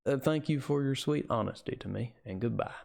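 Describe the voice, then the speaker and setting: A man's voice: medium pitch, fairly quick, vocal fry, a little mellow, lightly acted. A man voicing a bluff, big-hearted American cowboy suitor with a hearty, folksy drawl and an American accent.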